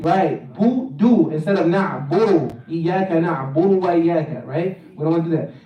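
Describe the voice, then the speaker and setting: A man's voice: fairly high pitch, lively intonation, normal speed, lo-fi sound. A man teaching a Quran recitation workshop, drilling pronunciation and repeating words for the class to echo. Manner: chants the verse in a melodic recitation. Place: mosque hall. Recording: roomy echo, mic at a distance.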